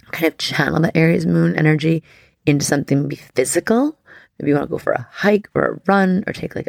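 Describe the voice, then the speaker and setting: A woman hosting an astrology podcast in a casual, effusive, heartfelt way, with lots of "like" and the odd soft whisper. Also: low voice, vocal fry, dry recording, studio quality. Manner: effusive and heartfelt, heavy use of "like".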